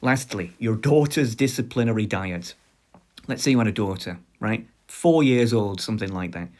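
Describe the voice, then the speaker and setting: A man's voice: on the low side, lively intonation, normal speed, a little mellow. A man hosting a commentary video, casually walking through hypothetical scenarios with sarcastic asides and rhetorical questions.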